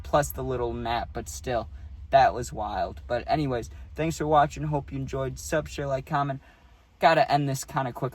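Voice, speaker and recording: A man's voice: medium pitch, a little mellow. A man casually telling a story for his vlog, laid-back and slangy, saying "dude" a lot, recorded outdoors on a phone. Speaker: YouTube storyteller. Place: outdoors on a hot day.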